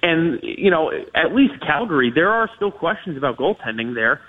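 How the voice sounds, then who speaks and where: A man calls in to break down hockey trades and matchups. His voice sits a little high and sounds husky. It comes through a thin, tinny phone line, and he talks in long, hedged runs with plenty of restarts. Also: very animated, normal speed. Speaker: hockey analyst guest. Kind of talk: radio interview analysis.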